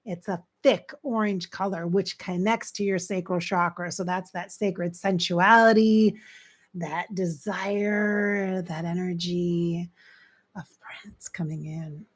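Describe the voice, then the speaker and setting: A middle-aged woman, a psychic medium, channeling spirits on a livestream, speaking softly and often slipping into hushed whispers close to her mic. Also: lowish voice, fairly even intonation, slow. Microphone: close desk mic.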